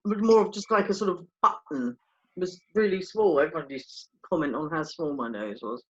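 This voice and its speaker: A woman's voice: low voice, a little fast, a bit bright. A woman co-hosting a vocal group's update, chatting and teasing her partner over a video call. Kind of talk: casual chat on a video call. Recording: dull lo-fi video call audio.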